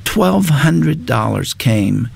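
An older man telling a personal faith story in an earnest, unhurried way. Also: mid-range voice, big pitch swings, vocal fry, a little hiss or hum. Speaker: guest. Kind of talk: personal testimony in conversation.

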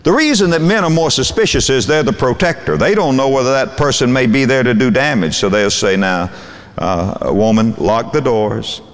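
An older man preaching a sermon in a folksy, animated way, acting out quotes from husbands and wives. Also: medium pitch, in a large hall.

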